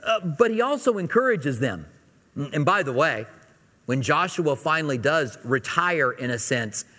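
A man gives a sermon in a relaxed, folksy manner, talking the Bible through like a chat with his congregation. His voice sits at an ordinary middle pitch. The sound carries a long reverb from a large church hall. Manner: conversational, folksy Bible teaching. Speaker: pastor.

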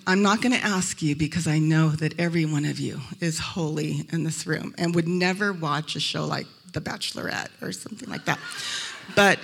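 A woman from Arizona giving a humorous faith talk to a live audience in a hotel event room. She tells lively stories and acts out the voices of the people in them. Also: on the low side, gravelly, husky. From Arizona, USA. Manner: lively storytelling, acting out quoted voices. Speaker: speaker at a Christian event.

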